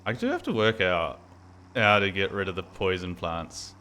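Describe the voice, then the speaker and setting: An Australian man chatting through a game stream, with a slightly low voice and a bright, forceful tone. He rambles loosely, swears constantly and talks to himself as he plays. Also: wildly swooping pitch, moderate pace. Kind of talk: casual gaming commentary.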